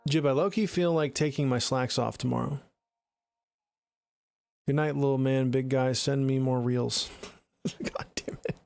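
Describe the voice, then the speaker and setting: A man's voice: medium pitch, fairly even intonation, normal speed, creaky, long pauses, darkish tone. A man streaming live as a music producer, chatting casually and answering his viewers' messages by name. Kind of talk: casual livestream chat.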